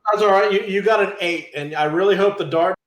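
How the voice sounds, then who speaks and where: A man's voice: high-pitched, fast. A man playing a tabletop game in casual chat, hesitant and thinking aloud as he works out his moves. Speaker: player. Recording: echoey room.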